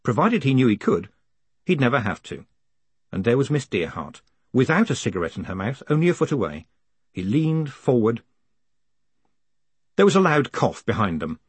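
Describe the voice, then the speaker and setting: A man narrating an audiobook in a wry, measured storytelling manner. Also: mid-range voice, big pitch swings, breathy edge, dry recording. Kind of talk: scripted narration.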